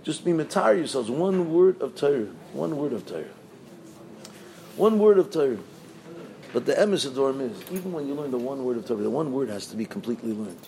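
A man's voice: mid-range voice, expressive, brisk, warm tone, slight background noise, rough recording. A male rabbi giving a sermon, telling stories animatedly and chanting repeated verses.

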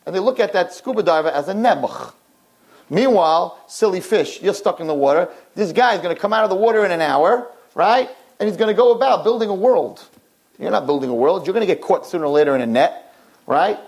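Older male rabbi, husky and a touch high-pitched, animated storyteller for a sermon. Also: brisk. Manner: animated, jumps into high excited voices.

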